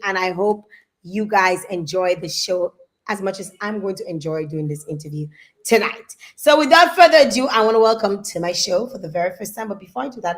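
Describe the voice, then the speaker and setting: A woman with a Dominican accent hosts a live online show, talking in a bright, animated, chatty way. Her voice sits a little high. Soft music plays faintly behind her. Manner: animated, chatty, greets viewers, island slang. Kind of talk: lively live-stream chat.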